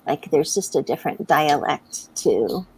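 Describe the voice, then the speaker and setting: Low, husky, and darkish in tone, this American woman's voice is expressive and unhurried. She chats casually while hosting a live writing stream, reading viewer comments aloud and laughing often, captured in a low-quality recording.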